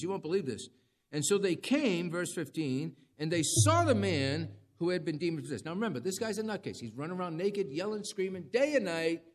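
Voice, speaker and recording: A man preaching a sermon in a conversational, dramatic way, with rising emphasis. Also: on the high side. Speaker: pastor.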